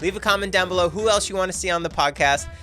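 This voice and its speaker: A man's voice: high voice, fast, bright, forceful tone, soft background music. A man hosting a podcast, introducing his guest and asking questions in an eager, upbeat way. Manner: upbeat, eager host delivery. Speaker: podcast host.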